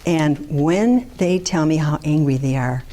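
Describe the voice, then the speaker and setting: A woman's voice: low-pitched, lively intonation, unhurried, mellow. An older woman, a therapist, giving a candid talk to an audience and mixing in personal asides. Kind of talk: lecture to an audience.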